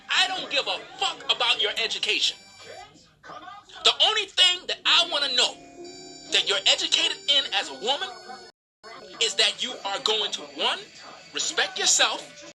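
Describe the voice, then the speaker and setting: A man's voice: very high voice, pushed and bright. A man preaching a profane, emphatic livestream sermon to women, scolding and mocking them. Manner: preachy, profane, emphatic, mocks others in quoted voices.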